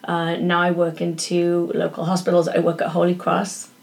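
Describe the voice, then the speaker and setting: A woman's voice: lowish voice, monotone, normal speed, gravelly. A woman, a pediatric doctor chatting as a guest and laughing easily. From northern England. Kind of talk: casual interview chat.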